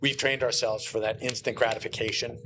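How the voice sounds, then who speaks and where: A man guesting on a podcast, telling stories in animated casual chat and acting out the lines he quotes. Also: medium pitch, brisk, soft background music. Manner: animated storyteller who acts out quoted lines. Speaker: guest, comic book writer.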